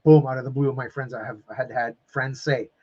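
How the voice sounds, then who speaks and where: A man's voice: mid-range voice, level tone, brisk, warm tone, muffled recording. A man coaching viewers on a live stream, emphatic and emotional, repeating phrases and calling them his friends. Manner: openly emotional and effusive.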